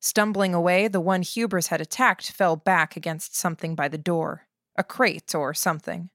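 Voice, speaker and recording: A woman reading a first-person novel aloud in a steady, measured way. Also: lowish voice, dry recording, studio quality. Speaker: audiobook narrator.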